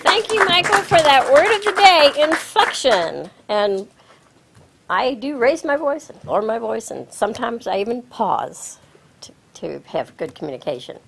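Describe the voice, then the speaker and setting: A woman's voice: a little high, expressive, creaky, fairly bright tone, a little hiss or hum, low-quality recording. Upbeat woman presiding over a meeting. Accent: Midwestern American. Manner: measured, instructive, announcing guests with rising emphasis. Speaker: Toastmaster of the meeting. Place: small TV studio with audience. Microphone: lectern microphone.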